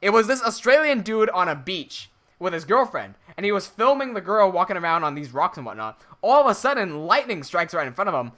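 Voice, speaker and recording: A chatty man from Hong Kong with an American-sounding accent, talking on a casual game livestream. His voice is bright and clear, and he reads viewer messages and restarts his sentences often. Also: high voice, very animated, brisk, few pauses. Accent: American-sounding English. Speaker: Minecraft livestreamer. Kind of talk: casual livestream chat while building.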